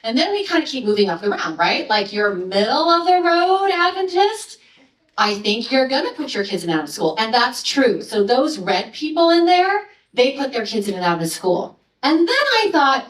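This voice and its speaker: A high-voiced woman gives a lecture on her research, talking in a chatty, playful way and tossing in quick asides. She sounds a little distant from the mic, and the hall around her is echoey. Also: sing-song. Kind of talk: presenting research to an audience.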